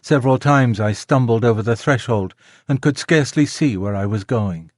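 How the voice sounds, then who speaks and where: Measured male audiobook narrator. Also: medium pitch, no room sound, studio quality. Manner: measured, gentle storytelling. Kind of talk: scripted narration of a classic children's novel. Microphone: close studio mic, dry.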